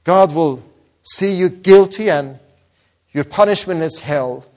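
Man, pastor, testimony sermon, fervent, earnest, slightly high voice. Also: slow, a little mellow. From Iran. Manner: earnest, fervent, repeats words when stressing.

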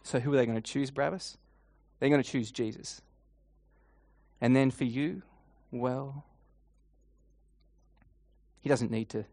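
Dramatic man preaching a guided meditation. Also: medium pitch. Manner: dramatic, swings between loud and hushed; repeats refrain, halting restarts. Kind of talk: guided imaginative sermon in second person.

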